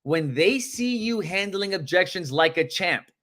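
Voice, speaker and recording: Animated man coaching cold calls. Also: high-pitched, measured pace. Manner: animated and emphatic, acts out phone calls, reads viewer names. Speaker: real estate sales coach. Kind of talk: live coaching session.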